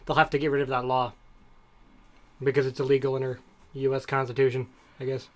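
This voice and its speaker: In a completely flat, fairly quick delivery, a medium-pitched man co-hosts a podcast. He chats casually, drifting from topic to topic through rambling, digressive stories.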